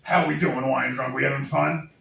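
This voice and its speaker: A man's voice: medium pitch, fairly even intonation, normal speed, vocal fry. A man from Boston with a Boston accent doing a stand-up comedy set, bantering loosely with the crowd and laughing between jokes. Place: bar or small venue with live crowd. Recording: echoey room, distant mic, faint noise.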